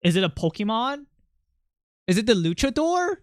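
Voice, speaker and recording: A livestreamer chatting casually with viewers, rambling and excitable, jumping from topic to topic. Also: medium pitch, normal speed, no echo, studio quality.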